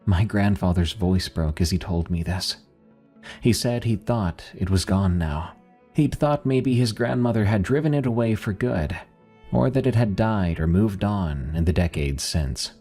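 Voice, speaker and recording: Man narrating horror, very low husky voice, faint music under it. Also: expressive, measured pace, warm tone. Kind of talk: scripted first-person horror narration.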